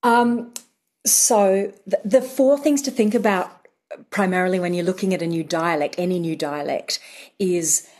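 A woman with a slightly low voice who lays out accent work step by step, in the even, methodical manner of a dialect coach. She explains patiently and now and then laughs lightly. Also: a little slow. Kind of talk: explaining on a radio show.

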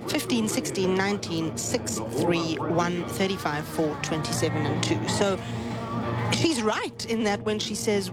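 A woman offering cricket commentary in a lowish voice. She builds her arguments carefully and backs them with numbers. Music plays clearly underneath. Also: lively intonation. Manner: thoughtful, measured, explains with stats. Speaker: cricket pundit. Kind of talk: expert commentary analysis.

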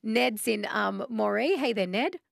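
Gravelly-voiced woman radio host. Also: fairly high pitch, animated, no echo, studio quality. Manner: friendly, quick back-channel replies and laughs. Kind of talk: casual radio call-in chat.

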